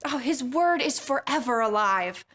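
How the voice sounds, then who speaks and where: A woman's voice: high voice, expressive, unhurried, noisy background. A woman hosting a kids Bible lesson, chatty and jokey. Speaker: host.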